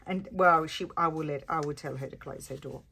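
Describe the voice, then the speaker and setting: A woman's voice: low-pitched, a little fast, gravelly, pushed and bright, husky. A woman chatting casually while she works on a crafting project, rambling along with lots of fillers and little chuckles. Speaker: crafting vlogger.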